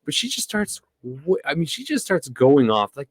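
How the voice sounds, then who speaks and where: A man's voice: fairly high pitch, big pitch swings, a little fast, few pauses, no room sound. A man in his thirties co-hosting a podcast, telling a story in casual chat and acting out the lines he quotes. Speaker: podcast co-host.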